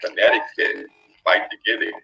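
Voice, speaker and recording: A man's voice: moderate pace, heavy background noise. A man hosting a business conference call, greeting people as they join with repeated upbeat thanks. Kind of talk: welcoming callers before a live call.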